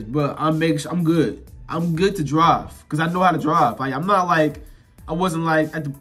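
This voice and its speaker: A young man with a slightly high voice chats straight to his viewers, relaxed and slangy, circling back over the same points as he tells his story. Faint music plays underneath. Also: breathy edge. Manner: relaxed slangy talk, repeats himself, addresses viewers directly. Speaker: vlogger. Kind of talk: casual storytelling to camera.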